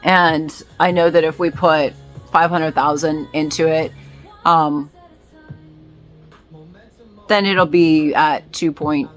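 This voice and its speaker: A woman's voice: low-pitched, steady tone, takes it slowly, pauses often, soft background music. A woman vlogging in a casual, rambling way, with many fillers and restarts. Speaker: vlogger and small business owner.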